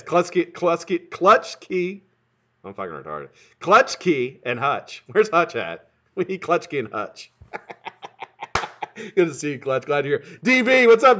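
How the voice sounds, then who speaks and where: A man hosting his own live stream in casual, profane chat, greeting viewers by name and talking quickly. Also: a little high, sharp tone, dull audio.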